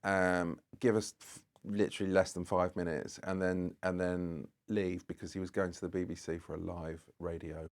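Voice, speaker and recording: Casting: male podcast guest, lowish voice, loose rambling storyteller who acts out dialogue in casual chat. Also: flat delivery, moderate pace, hardly any pauses. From Britain.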